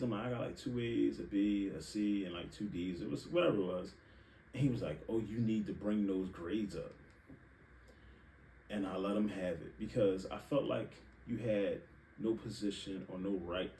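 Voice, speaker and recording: A young man hosting a podcast, telling candid personal stories in a frank, profane, animated way. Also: on the low side, creaky. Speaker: podcast host. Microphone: live stream setup. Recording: echoey room, distant mic, faint hiss.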